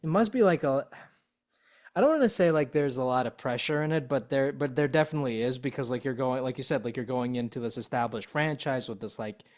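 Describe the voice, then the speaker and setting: Male podcast host, mid-pitched, rambling and conversational. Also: fairly quick, darkish tone. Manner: chatty, loose phrasing. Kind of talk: casual interview chat.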